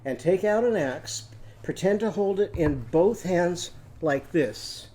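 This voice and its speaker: A man with a slightly raised, mellow voice teaches phonics to young children. He tells a story in a gentle sing-song way, then leads them through chants and hand motions. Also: high-pitched, lively intonation, slow pace. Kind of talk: children's phonics lesson with songs.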